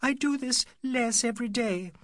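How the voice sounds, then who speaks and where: A man's voice: very high voice, normal speed, fairly bright tone, no echo, studio quality, voice pushed up. A man voicing a distressed, tearful young Englishwoman in an audiobook, with a weepy, self-reproaching manner. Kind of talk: audiobook character voice.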